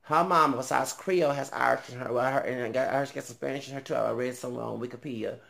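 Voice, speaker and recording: A man vlogging in a casual, rambling monologue. He thinks aloud with many ums, trails off, then bursts out louder. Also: medium pitch, fairly even intonation, fast, creaky.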